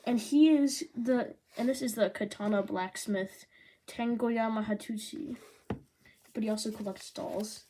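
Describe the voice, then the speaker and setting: A woman giving a casual manga review, rambling and excitable, with lots of "like" fillers. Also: a little high, measured pace, a little hiss or hum.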